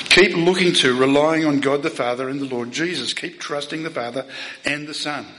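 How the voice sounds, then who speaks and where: Bright-voiced man preaching a sermon. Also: fairly high pitch, normal speed, low-quality recording. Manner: asks the listeners rhetorical questions; emphatic, swings between loud and soft.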